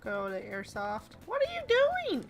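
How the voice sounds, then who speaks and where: A woman's voice: mid-range voice, huge pitch swings, moderate pace, faint music behind. A woman streaming a game live from home, chatting playfully with her viewers and her dog and laughing often. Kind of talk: live gameplay commentary.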